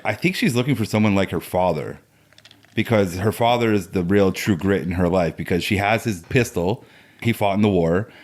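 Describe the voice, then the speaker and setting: A man's voice: deep voice, normal speed. A man guesting on a podcast, chatting keenly about a film in long run-on thoughts. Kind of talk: casual film discussion.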